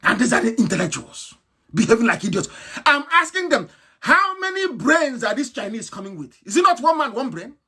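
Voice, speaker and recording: A man giving an impassioned live broadcast speech, ranting with scorn, firing rhetorical questions and breaking into shouts. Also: very high voice, very animated, a little fast, husky. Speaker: political activist broadcaster.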